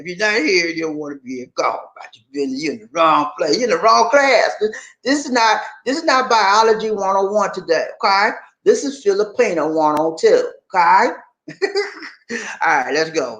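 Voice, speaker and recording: A man from Charleston, South Carolina, hosting his channel and talking casually to viewers. He is animated and repetitive, and often checks in with his listeners. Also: fairly high pitch. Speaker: channel host. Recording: roomy echo.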